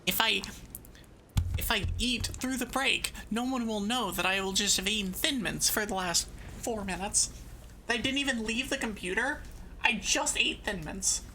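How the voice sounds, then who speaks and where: A woman's voice: medium pitch, normal speed, bright, forceful tone, slight background noise. A woman streaming a video game, chatting casually and giggling, talking to herself as she plays. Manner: chatty, giggly, self-mocking; thinks aloud while playing.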